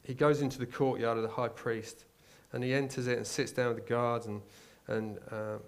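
A man's voice: mid-range voice, level tone, moderate pace. A man with an English accent preaching a sermon in a conversational, searching way, retelling a story and asking the listeners rhetorical questions. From England.

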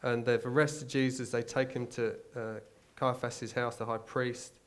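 An English man preaches in a plain, conversational way, his voice sitting at an ordinary middle pitch for a man. He retells the story as he goes, restarting phrases often and pressing the listeners with rhetorical questions. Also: little pitch movement, unhurried. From England. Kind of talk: sermon.

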